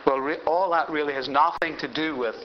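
A man's voice: fairly high pitch, fairly even intonation, a little fast, highs cut off, slight background noise. A man preaching a sermon as a pastor, telling a story and building to emphatic climaxes.

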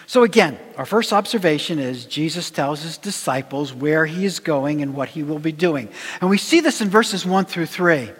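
A man preaching a sermon in a measured, emphatic way, his voice dropping low at the ends of phrases. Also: a bit bright. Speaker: pastor. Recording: long reverb of a church hall.

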